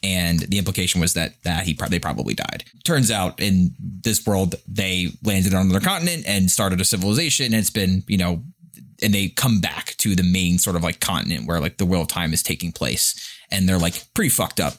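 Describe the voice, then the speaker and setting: A man co-hosting a podcast in casual chat, rambling with lots of fillers, a little profane and quick to chuckle. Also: sits low. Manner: profane and playful. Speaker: podcast co-host.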